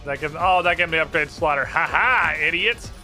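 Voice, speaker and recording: A man streaming a game, chatting casually and excitably, swearing now and then. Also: a little high, moderate pace, faint music behind. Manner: excitable, swears casually, baby-talks to a puppy.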